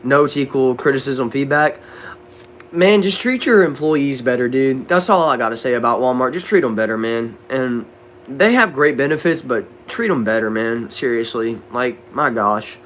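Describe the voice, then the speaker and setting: A young man with a Southern accent from Texas, casually answering chat questions on a livestream in a relaxed, drawling way. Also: mid-range voice, moderate pace, slight background noise. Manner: laid-back, drawling, says bro and dude a lot. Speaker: livestream host reading chat. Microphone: desk microphone.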